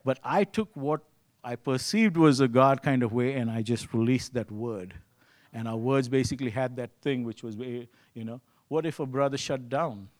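A man's voice: medium pitch, normal speed, darkish tone. A man preaching a sermon in a conversational way, often asking "you see" and acting out his own thoughts. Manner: acts out his own inner voice in quotes.

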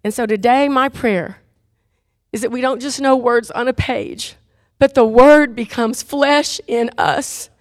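A woman preaching a sermon and leading a closing prayer, lively and laughing at times, turning earnest and quiet when she tells a story. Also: fairly high pitch, measured pace, no echo, clean studio sound.

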